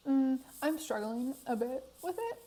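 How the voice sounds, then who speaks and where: A woman's voice: sits high, animated, unhurried, mellow, low-quality recording. A tired young woman with a worn voice, chatting casually in a voiceover about a game build, laughing often, recorded on her phone in her apartment. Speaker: Sims speed build creator. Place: apartment room.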